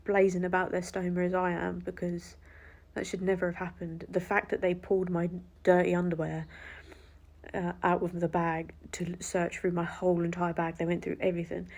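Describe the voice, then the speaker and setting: A woman's voice: on the low side, completely flat delivery, normal speed, darkish tone. A woman telling an indignant story to camera, swearing freely and acting out what was said. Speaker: vlogger.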